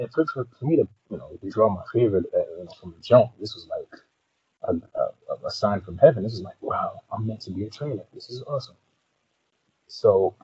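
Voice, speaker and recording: A man's voice: fairly low pitch, dark tone, slightly rough, no room sound, dull audio. A man co-hosting a casual podcast, telling a story in a laid-back way with dramatic flourishes. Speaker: podcast co-host. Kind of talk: casual chat.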